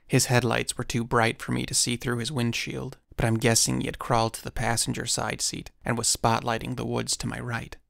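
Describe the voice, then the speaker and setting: A man narrating a first-person encounter story in a measured storytelling manner with dry asides. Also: medium pitch, completely flat delivery, creaky, fairly bright tone, dry recording.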